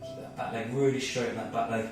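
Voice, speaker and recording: A man's voice: mid-range voice, flat delivery, fast talker, very echoey, distant mic, faint music behind. A man leading a guided movement and mindfulness workout as a fitness instructor, slightly out of breath, talking through each move step by step. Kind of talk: guided exercise class.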